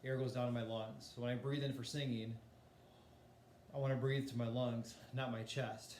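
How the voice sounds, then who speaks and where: A man's voice: mid-range voice, little pitch movement, normal speed, darkish tone, roomy sound, slight background noise. A man teaching a voice lesson in a casual, explanatory way, demonstrating breathing and singing exercises. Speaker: music teacher.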